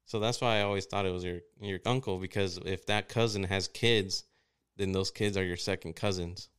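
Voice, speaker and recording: Male co-host for casual chat, lowish voice, smooth and resonant, loose and profane. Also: fairly even intonation, normal speed, fairly bright tone.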